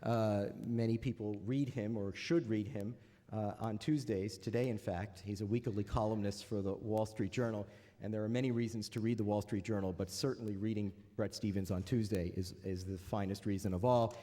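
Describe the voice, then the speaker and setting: A man with a lowish, mellow voice speaks at a moderate pace with fairly even intonation as he moderates a panel in a big lecture hall. His opening blends dry jokes and wry remarks with hesitant, filler-heavy lines full of "uh"s, and the hall's reverb is clear on the recording.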